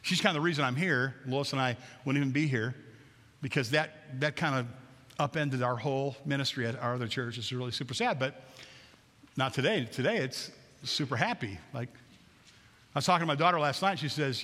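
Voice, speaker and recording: A man's voice: mid-range voice, brisk, pauses often, sharp tone, big-room sound. A middle-aged man, a pastor, preaching a conversational sermon that repeats phrases and acts out prayers. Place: church sanctuary.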